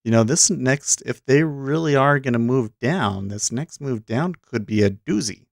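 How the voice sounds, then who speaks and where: A man hosting a day trading livestream, thinking aloud in halting, self-interrupting remarks as he watches the market. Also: mid-range voice, lively intonation, vocal fry, no room sound, studio quality.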